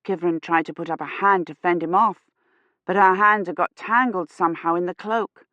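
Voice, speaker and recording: A woman reading a science fiction novel aloud in a measured, steady narration. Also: on the low side, no echo, lo-fi sound. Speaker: audiobook narrator. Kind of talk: scripted narration.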